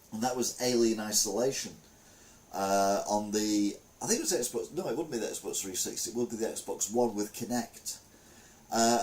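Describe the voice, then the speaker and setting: A man's voice: fairly low pitch, darkish tone. A middle-aged man chatting casually as a show host, rambling with lots of fillers. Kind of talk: casual chat.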